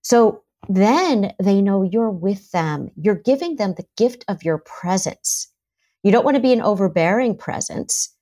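A woman's voice: medium pitch, a little slow. A middle-aged woman, a therapist, talking in a podcast interview and acting out what parents and children say. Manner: animated, acts out parents' and children's voices. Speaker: therapist and author, guest.

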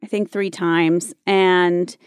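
A woman's voice: on the low side, flat delivery, slow pace, clear, resonant tone, no echo, clean studio sound. A woman in her forties from North Carolina, an actress guest telling stories in a casual interview, chatty and full of fillers. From North Carolina, USA. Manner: chatty storyteller, frequent fillers and laughs.

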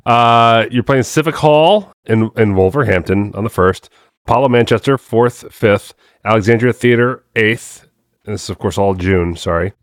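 Male co-host, lowish voice, eager reactions, dry studio sound. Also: moderate pace, dry recording. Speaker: podcast co-host. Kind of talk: casual chat.

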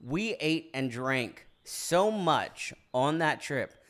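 Animated man with a lively high voice. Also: slow pace. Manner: animated, jumps into high-pitched silly impression voices, laughs often. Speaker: podcast guest, actor. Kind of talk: casual chat.

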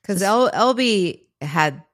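A woman's voice: medium pitch, lively intonation, slow. A woman co-hosting a podcast, chatting casually and responding briefly to a story. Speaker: podcast co-host. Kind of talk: casual chat.

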